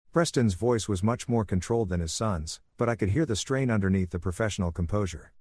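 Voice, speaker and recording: A man giving a calm, soothing scripted first-person narration of a story. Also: fairly low pitch, brisk, few pauses, no room sound, clean studio sound. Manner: calm, even, soothing delivery.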